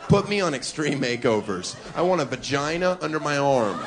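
A man's voice: a little high, lively intonation, normal speed. A man performing provocative live stand-up comedy on a club stage, with mock-defensive asides. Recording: live club with loud crowd noise.

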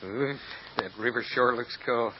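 An actor playing a plainspoken stunt driver with a folksy drawl, in a 1950s radio drama. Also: male voice, mid-range voice, a little slow, lightly acted. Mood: easygoing. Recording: muffled old radio recording with hiss.

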